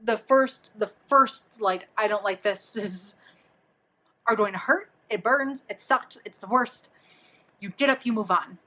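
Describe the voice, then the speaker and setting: A young woman talking casually to camera, chatty and animated, giving freelance copywriting advice with many fillers and asides. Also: on the high side, a little slow.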